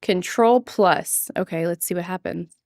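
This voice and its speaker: A woman streaming casually to her chat, chatty and giggly, sometimes mimicking a quoted line in a higher voice. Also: unhurried, creaky, a little mellow, no echo, studio quality. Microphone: desk microphone.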